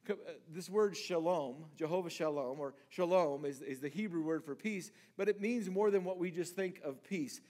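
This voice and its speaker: A man's voice: on the high side, normal speed, few pauses, darkish tone. A man pastor preaching a sermon in a conversational way, often restarting words and acting out lines from scripture.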